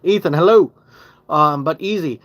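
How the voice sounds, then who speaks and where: The voice is a fairly high-pitched, slightly bright male one at normal speed. He's a Michigan man live-streaming casual chat from his home basement via phone, rambling, swearing and forgetting what he was saying.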